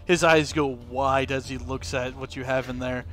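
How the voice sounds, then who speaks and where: Guy running a tabletop game, laid back, kinda halting, normal pitch. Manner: relaxed, halting narration with fillers. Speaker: game master.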